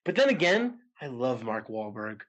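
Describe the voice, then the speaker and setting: Goofy young man, lively voice. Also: mid-range voice, lo-fi sound. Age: 20s. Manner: goofy, jokey, does deliberately bad celebrity impressions. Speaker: podcast co-host. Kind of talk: casual chat.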